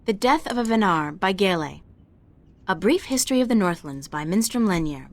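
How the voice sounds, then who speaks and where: A woman's voice: medium pitch, animated, normal speed, close to an everyday voice. An actress voicing a young female adventure-game heroine who makes dry, wry remarks on what she sees. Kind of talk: video game voice acting.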